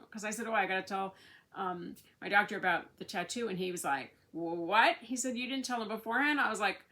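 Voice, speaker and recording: A woman in her fifties chats to her viewers, rambling through a story and putting on the voices of the people in it. Her voice is bright and edged with gravel. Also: medium pitch. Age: 50s. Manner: chatty and storytelling, acts out others' lines; many fillers and restarts, warm wishes to viewers. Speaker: vlogger. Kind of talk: casual chat to camera.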